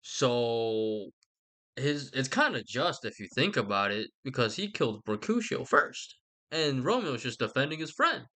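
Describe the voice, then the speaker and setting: A bossy prince, played by a man who lurches between a gruff bark and a squeaky yelp. His regal wording keeps slipping into slang. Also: big pitch swings, unhurried, bright, forceful tone. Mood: exasperated.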